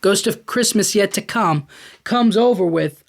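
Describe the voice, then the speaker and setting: Brief: a male podcast host, chatty and animated, rambling and addressing the listener. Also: sits high, unhurried, creaky. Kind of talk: casual commentary.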